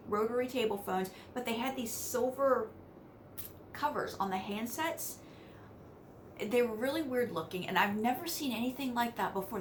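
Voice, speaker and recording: This West Virginia vlogger has a fairly high voice and shares family stories with the camera in a casual, chatty manner, laughing between sentences and tossing in animated asides. Slight background noise can be heard.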